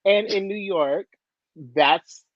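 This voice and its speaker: A woman on a video call telling a story in a sassy, animated way, laughing often. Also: mid-range voice, takes it slowly, dry recording, muffled recording. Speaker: panelist. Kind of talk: casual storytelling.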